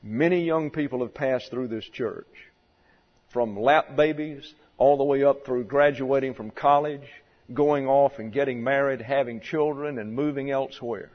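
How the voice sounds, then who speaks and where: A pastor preaching a doctrinal sermon in a church, deliberate and stressing key words as he works through numbered points. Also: medium pitch, steady tone. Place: church sanctuary. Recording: dull sound with long hall reverb.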